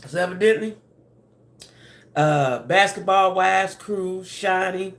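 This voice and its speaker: A woman's voice: lowish voice, takes it slowly, slight background noise. A woman hosts a casual gossip livestream from her home desk. She talks in a loose, chatty way with Southern vernacular and greets viewers by name as they come in. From Southern United States. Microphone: camera and ring light at desk.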